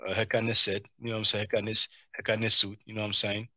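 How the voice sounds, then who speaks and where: A man's voice: fairly low pitch, quick pace, dry recording, studio quality. A man hosting a live stream, reading chat and mocking the video clips he plays. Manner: mocking, animated, answers chat comments.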